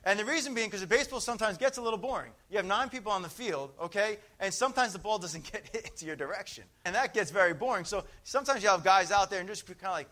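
High, bright-voiced animated preacher man. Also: fast talker, hardly any pauses. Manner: animated storytelling, shouting out phrases. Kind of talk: sermon.

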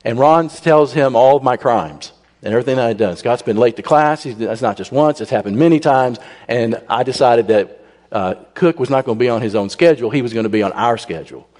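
A man telling a humorous personal story to a congregation, animated and acting out the people he quotes. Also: mid-range voice, quick pace. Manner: animated, raises his voice when he quotes people. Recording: long reverb in a large hall.

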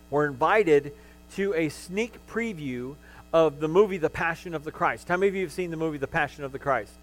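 A middle-aged male pastor delivers a sermon, recounting his personal testimony with emotion and frequently restarting his sentences. His voice is a little high, and the audio quality is poor.

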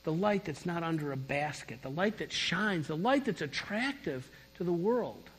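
Husky preacher in an echoing hall. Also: male voice, on the high side, moderate pace. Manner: storytelling, animated, emphatic. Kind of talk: sermon testimony. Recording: long reverb of a large hall.

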